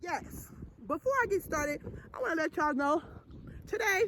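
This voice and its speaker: A woman talks to camera from her backyard in a very high, bouncing voice. She is loud and playful, half singing her words and scolding her pet chicken. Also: animated, normal speed, long pauses, slight background noise. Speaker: vlogger. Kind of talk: casual vlog talking to camera. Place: backyard outdoors.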